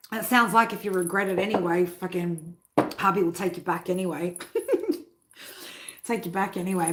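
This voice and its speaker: A middle-aged woman hosting a tarot live stream, talking bluntly with heavy swearing and a constant "right?". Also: medium pitch. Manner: blunt and heavily profane, keeps asking "right?". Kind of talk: casual live-stream chat.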